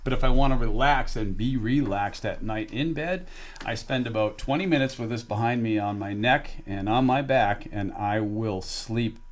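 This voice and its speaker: A man's voice: mid-range voice, normal speed. A man co-hosting a casual product review show with his wife, teasing her and laughing often. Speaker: co-host of a product review channel.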